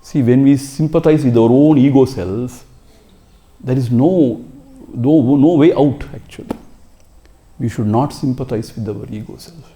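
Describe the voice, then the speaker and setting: A man's voice: mid-range voice, measured pace, warm tone. A man with an Indian English accent who gives an emphatic spiritual lecture as a swami, exhorting listeners and asking rhetorical questions. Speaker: swami teaching scripture.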